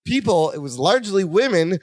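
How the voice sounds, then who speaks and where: A man's voice: high voice, brisk, no echo. A man co-hosting a podcast, acting out lines as he retells sitcom scenes. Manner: animated retelling, acts out lines. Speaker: podcast co-host. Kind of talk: casual chat recapping a sitcom episode.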